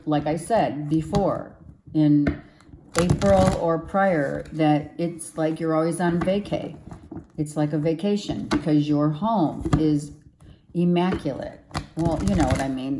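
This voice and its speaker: A woman's voice: low-pitched, noisy background. A woman tarot reader giving an earnest, encouraging and emotional spiritual pep talk to the camera.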